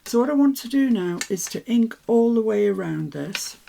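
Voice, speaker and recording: A woman chatting casually to herself as she works on a papercraft project, with soft asides. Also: a little high, lively intonation, normal speed, gravelly, a little hiss or hum. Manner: chatty, self-talking while working, soft asides. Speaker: papercraft vlogger. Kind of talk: casual crafting commentary.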